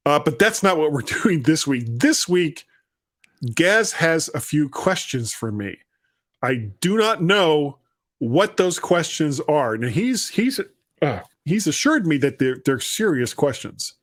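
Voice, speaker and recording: A man with a London accent hosts a podcast in relaxed, self-deprecating chat. His voice sits a little higher than most men's. He tends to stumble into answers before finding his way. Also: slow. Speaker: podcast host. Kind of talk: casual chat.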